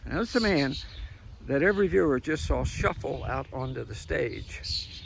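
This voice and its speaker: A man's voice: on the high side, lively intonation, slow, creaky, pauses often, a bit bright, slight background noise. An older man giving an opinionated political monologue outdoors after a jog, emphatic and repetitive, chuckling between points. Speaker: political commentator.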